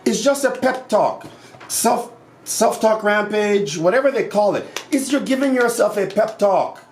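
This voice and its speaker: A man vlogging about self-improvement in a casual monologue, passionate and animated, acting out quotes as he tells stories. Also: high-pitched, reverberant.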